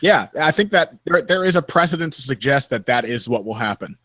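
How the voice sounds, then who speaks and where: A man co-hosting a podcast in casual chat, measured and analytical, laughing often. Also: medium pitch, animated, fairly bright tone, no echo. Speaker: podcast co-host. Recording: dry close podcast mic.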